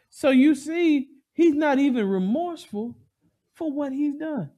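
A man preaching a sermon, emphatic and animated, asking the congregation call-and-response questions. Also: extremely high pitch, measured pace.

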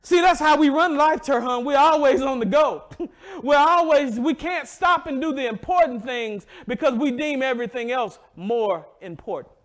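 A man's voice: very high-pitched, moderate pace, fairly bright tone. A male pastor preaching a sermon emphatically and calling out to congregation members by name.

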